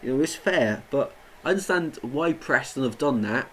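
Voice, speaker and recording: A man's voice: medium pitch, animated, normal speed, a bit bright, slight background noise, low-quality recording. A young man doing live football watchalong commentary, chatting with viewers and getting indignant at the play. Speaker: watchalong streamer. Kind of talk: live match commentary and chat.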